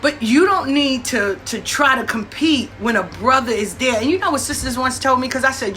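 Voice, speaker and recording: A woman tells stories straight to her listeners. She is blunt and profane and acts out what people said. Her voice is bright and set a little high, with a faint hum of room sound behind her. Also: normal speed, few pauses. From New York. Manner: blunt, profane, animated with acted-out quotes. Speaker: host. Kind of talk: casual storytelling monologue.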